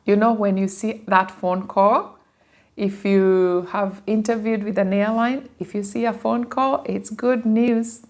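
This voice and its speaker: A woman's voice: medium pitch, a little slow. A woman in her thirties from Kenya with a Kenyan accent, telling her life story in a casual, emotional way to her viewers. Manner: animated, emotional, addresses viewers as guys.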